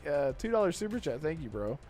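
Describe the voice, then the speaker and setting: Man, podcast host, slightly high voice, upbeat, casual, faint music behind. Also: sing-song, fast talker, darkish tone. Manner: upbeat, laughs often, thanks chat members. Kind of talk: casual gaming podcast chat.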